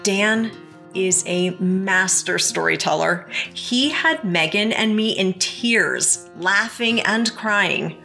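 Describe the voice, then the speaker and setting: A woman's voice: medium pitch, animated, slow, creaky, bright, forceful tone, soft background music. A woman hosting a podcast, narrating scripted segments with asides to the listener. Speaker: podcast host.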